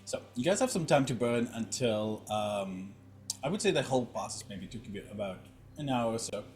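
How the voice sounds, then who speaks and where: A man narrating a tabletop game as game master, halting with many fillers. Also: mid-range voice, expressive, music in the background. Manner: hesitant, heavy on fillers.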